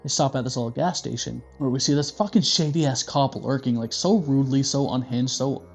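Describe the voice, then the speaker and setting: A man's voice: mid-range voice, fairly quick, creaky, slightly rough, soft background music. A man hosting a casual movie review, joking and swearing freely. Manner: profane, joking, animated.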